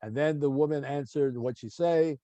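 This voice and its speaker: A man's voice: a little high, moderate pace, mellow, dry recording, muffled recording. A man teaching a Bible study class on a video call. He reads verses aloud in Hebrew, asks his students questions and prompts them to read. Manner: questioning, prompting readers, chatty asides.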